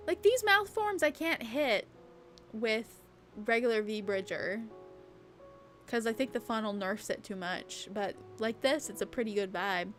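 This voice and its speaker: A woman's voice: on the high side, lively intonation, a little slow, faint music behind. A young woman streaming a casual late-night chat, rambling and chatty, peppering her talk with "like" and the odd swear word. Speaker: VTuber streamer.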